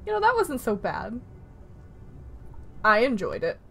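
A woman gamer giving casual, excitable, giggly let's-play commentary. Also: on the high side, unhurried, creaky, soft background music.

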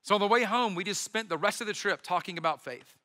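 A man's voice: high-pitched, quick pace, bright, forceful tone, big-room sound. A man, a pastor, giving a sermon in a conversational, storytelling way with bits of humor.

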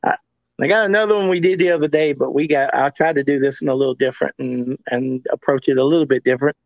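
A man's voice: medium pitch, fairly even intonation, fast, dry recording. A man as a guest, telling stories in a rambling casual way and often repeating himself. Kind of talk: casual storytelling. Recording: dull lo-fi audio.

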